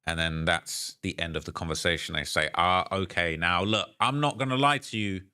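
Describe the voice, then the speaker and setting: A man's voice: sits low, moderate pace, pushed and bright, smooth, dry recording, clean studio sound. A man narrating a commentary video, reading messages and news aloud, hesitant with restarts.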